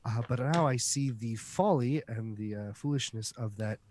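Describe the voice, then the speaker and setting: A man's voice: mid-range voice, moderate pace, a little mellow, slight background noise, close to an everyday voice. Man playing a pompous but flustered young examiner student; hedges constantly, stumbling. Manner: flustered, hedging.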